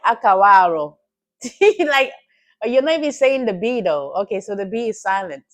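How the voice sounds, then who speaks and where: A woman's voice: on the high side, sing-song, normal speed. A woman hosting a live trading stream, chatting casually with her chat, teasing and laughing often.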